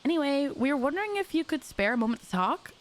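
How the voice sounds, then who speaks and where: A woman's voice: high voice, very animated, quick pace. A woman reading a polite young hero.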